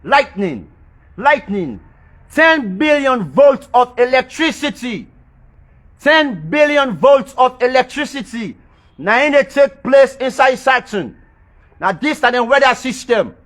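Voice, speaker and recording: A man delivering a rambling monologue in creole-tinged informal English. He repeats phrases for emphasis and chuckles softly to himself. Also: very high-pitched, sing-song, takes it slowly. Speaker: social media commentator. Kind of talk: rambling spoken monologue about planets and religion.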